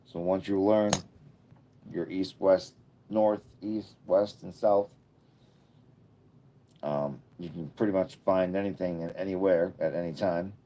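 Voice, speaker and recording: This is a man in his fifties hosting a casual livestream. His voice sits low, with a mellow, unforced tone. He rambles easily between comments, tossing in jokey asides as he goes. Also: steady tone, a little slow, long pauses. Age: 50s. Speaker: livestream host.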